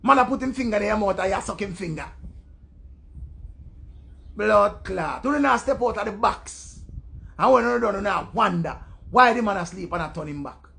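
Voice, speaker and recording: A young Jamaican man rants in thick, profane patois and flips into mocking impressions of other people. His voice sits high for a man and has a gravelly edge. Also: animated, moderate pace, pauses often. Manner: loud, profane patois rant, mimicking voices. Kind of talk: ranting commentary.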